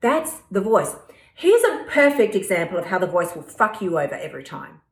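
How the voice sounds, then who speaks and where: A woman's voice: medium pitch, big pitch swings, brisk. Blunt, swearing woman coach. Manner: blunt, profane, tough-love. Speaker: podcast host, weight-loss coach. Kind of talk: motivational podcast monologue. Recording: echoey room.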